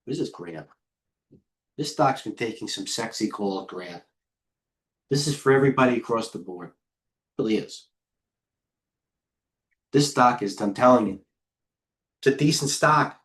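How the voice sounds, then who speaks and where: A middle-aged man hosting a live trading stream, firing off quick stock calls and muttering to himself as he trades. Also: mid-range voice, lively intonation, fairly bright tone. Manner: rapid-fire ticker calls, talks to himself. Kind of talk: live market commentary while trading.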